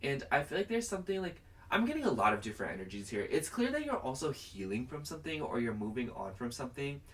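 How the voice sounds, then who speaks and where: Speaking fast and far from the microphone, this young tarot reader has a medium-pitched voice that swings widely up and down. He rambles chattily through a pick-a-card reading to camera, leaning heavily on "like."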